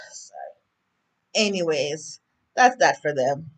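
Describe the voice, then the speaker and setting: A woman's voice: sits low, unhurried. A woman with a Jamaican accent giving a casual, rambling TV episode recap full of fillers and asides to viewers. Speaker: TV recap vlogger.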